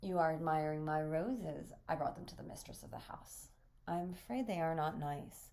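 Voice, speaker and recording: A woman reading a courteous teasing gentleman. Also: deep voice, normal speed, gravelly, slight background noise.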